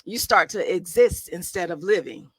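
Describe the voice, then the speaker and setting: A woman's voice: lowish voice, animated, moderate pace, breathy edge, dry recording. A woman life coach giving an emphatic motivational talk, casual in her phrasing and full of rhetorical questions. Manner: colloquial, conversational phrasing. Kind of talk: motivational talk to a live audience.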